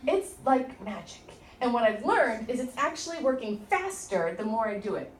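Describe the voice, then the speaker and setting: A woman's voice: on the high side, moderate pace, slight background noise. Chatty woman teaching a class. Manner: chatty, storytelling, animated asides. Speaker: tapping instructor. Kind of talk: informal workshop lesson. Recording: echoey room from a distant mic.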